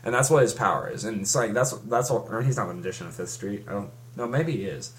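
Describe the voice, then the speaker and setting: A man's voice: on the low side, quick pace. A young man in casual chat, rambling through a story with many restarts and fillers. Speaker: fan recapping a comic.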